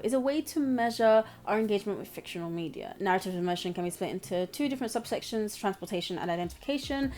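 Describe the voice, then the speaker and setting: A young woman talking casually and rambling, giggling between her points as she reviews a show. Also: medium pitch. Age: young adult. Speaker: anime reviewer, channel host. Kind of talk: casual commentary vlog.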